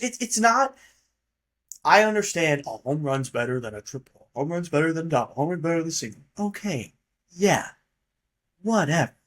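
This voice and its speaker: A man hosting a casual solo podcast monologue, rambling and offhand and swearing casually. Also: fairly high pitch. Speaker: podcast host.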